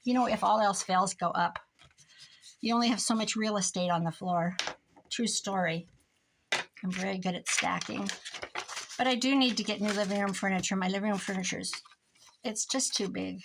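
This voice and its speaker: A woman's voice: medium pitch, steady tone, moderate pace, gravelly, long pauses, noisy background. A middle-aged woman with a Midwestern American accent, chatting casually to her viewers while she crafts in her craft room, rambling and laughing often. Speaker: crafting vlogger.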